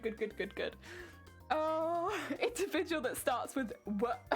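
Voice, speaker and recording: A woman's voice: sits high, fairly bright tone. A young British woman streaming casually while crafting, chatty and giggling often. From Britain.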